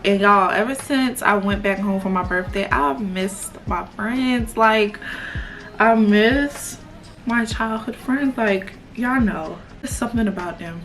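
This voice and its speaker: A woman's voice: medium pitch, slow, fairly bright tone, soft background music. A woman, chatting casually and rambling with lots of fillers while she does her makeup. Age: 20s. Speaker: beauty vlogger.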